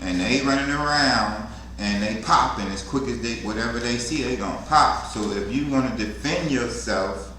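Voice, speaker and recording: A man co-teaching a security class in a relaxed, colloquial way. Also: mid-range voice, moderate pace. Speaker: security co-trainer. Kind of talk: casual instructional talk. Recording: very echoey room, faint noise.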